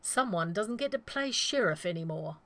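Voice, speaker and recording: A woman reading the lines of a sarcastic male gunslinger who talks in deadpan. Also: mid-range voice, normal speed. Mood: sardonic.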